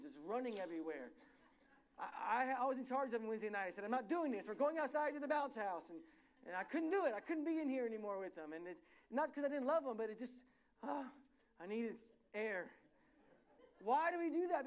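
A pastor preaching a sermon in a church, telling stories animatedly and often correcting himself mid-sentence. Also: male voice, sits high. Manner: animated, self-correcting storyteller.

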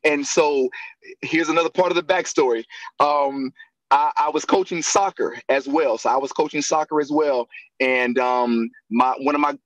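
Laughing as he acts out the voices of people in his stories, a male actor and acting coach entertains in a casual interview as a guest. He talks at a moderate pace in a slightly high voice, on a low-quality recording without echo.

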